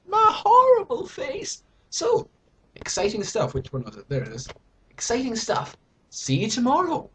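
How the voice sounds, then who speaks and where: A lively British man vlogging, mock-dramatic. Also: a little high, slight background noise. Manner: rambling, self-mocking and mock-dramatic. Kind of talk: casual chat to camera.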